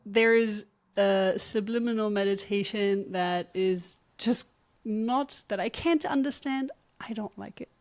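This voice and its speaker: A woman's voice: medium pitch, a little slow, a little mellow. A woman co-hosting a podcast, explaining a practice in an earnest, instructive way. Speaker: podcast co-host.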